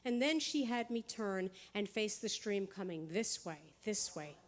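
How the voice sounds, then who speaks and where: A woman giving an inspirational talk to a live audience, telling a self-mocking story in quick bursts, laughing often and checking in with "right?". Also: mid-range voice, animated. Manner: rapid bursts with frequent "right?" asides. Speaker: motivational speaker. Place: spiritual center hall.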